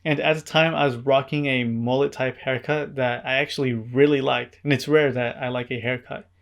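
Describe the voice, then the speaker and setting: A man narrating his own vlog in a scripted, deadpan way, with wry asides and an earnest, introverted manner. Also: mid-range voice, moderate pace, gravelly. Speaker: vlogger.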